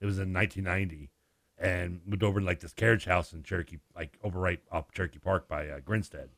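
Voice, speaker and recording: A man's voice: low-pitched, fast talker, gravelly, no echo, clean studio sound. A man, co-hosting a sports radio show and telling stories in casual chat, acting out the voices with laughs. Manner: animated storyteller, acts out voices and laughs.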